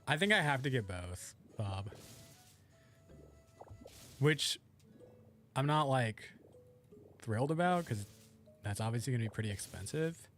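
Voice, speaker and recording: Young male game streamer, lively pitch. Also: a little slow, long pauses, soft background music. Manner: rambling, chats with viewers while playing. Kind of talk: casual streaming chat.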